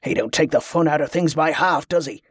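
A man voicing a gruff, boastful male ship's cook who gets impatient when interrupted. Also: a little high, a little fast, no room sound, clean studio sound.

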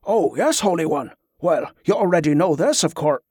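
A man's voice: a little high, expressive, moderate pace, darkish tone, breathy edge, no echo, studio quality. A man as an earnest devout acolyte. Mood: reverent. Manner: earnest, reverent. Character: devout, earnest male acolyte, fervent believer.

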